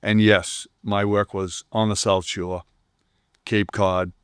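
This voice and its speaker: A man's voice: fairly low pitch, takes it slowly, clear, resonant tone, no room sound, clean studio sound. An older man, a roofing business owner telling stories in a casual interview and acting out the people he quotes. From Boston area. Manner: animated storyteller who acts out quoted people. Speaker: roofing company owner, guest.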